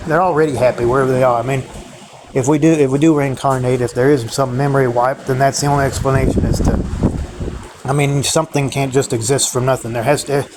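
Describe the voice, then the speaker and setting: A man rambles bitterly to his viewers, swearing often and repeating himself. His voice sits at an ordinary middle pitch. A clear hum of background noise runs under him. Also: steady tone, quick pace. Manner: profane, bitter ranting, repetitive. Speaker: vlogger. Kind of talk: rambling solo monologue.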